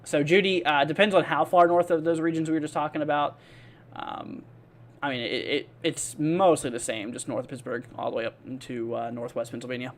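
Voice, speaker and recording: This weather livestream host speaks briskly in a fairly high voice with a steady tone. His talk is rambling and full of fillers, and he stays friendly and relaxed while reading out viewer comments and replying to each person by name.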